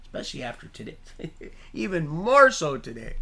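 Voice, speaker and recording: A man hosting a livestream, rambling from topic to topic in an animated, preachy way and laughing at his own remarks. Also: on the high side, moderate pace, creaky. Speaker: livestream host.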